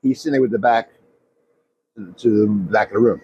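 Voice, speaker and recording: A man, a former comedy club owner, co-hosting a casual chat and telling animated stories, swearing freely and laughing often. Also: lowish voice, moderate pace, dull audio, a little hiss or hum.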